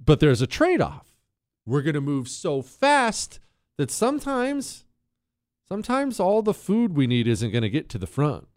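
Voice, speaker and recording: A middle-aged man hosting a talk radio show, delivering an emphatic monologue with quick asides. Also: a little high, no room sound, studio quality. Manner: animated, emphatic, quick asides and put-on quoted voices.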